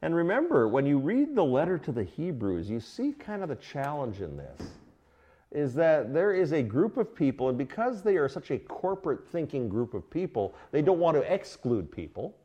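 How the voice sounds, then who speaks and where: A middle-aged male pastor preaching an expository sermon, questioning his congregation and swinging between emphatic bursts and quiet asides. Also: on the high side, moderate pace, highs cut off. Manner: animated teaching, asks the congregation questions. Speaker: pastor teaching a Bible study.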